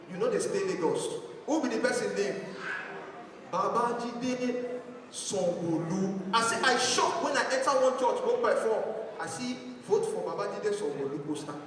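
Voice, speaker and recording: A man with a Nigerian accent performing a stand-up comedy set, telling animated stories and acting out his family. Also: extremely high pitch, background noise. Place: church hall stage. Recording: echoey hall from far off.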